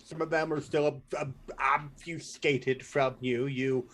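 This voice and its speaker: A man acting as game master, chatting casually and thinking aloud while fiddling with game software. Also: mid-range voice, steady tone, unhurried. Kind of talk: running a tabletop game online.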